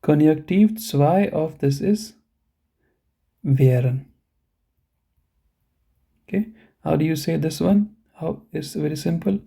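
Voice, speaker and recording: A male teacher in an online lesson, with a very dark, mellow voice that has a gravelly edge and sits a bit higher than most men's. He explains patiently, one step at a time, slows right down on the example words, and keeps checking that the learners are following. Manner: slow, deliberate pronunciation of example words. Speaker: German teacher. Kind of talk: live online language lesson.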